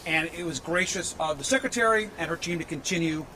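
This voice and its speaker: A man's voice: fairly high pitch, quick pace, noisy background. A man making a formal statement to the press in a played news clip. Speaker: official speaking in a news clip.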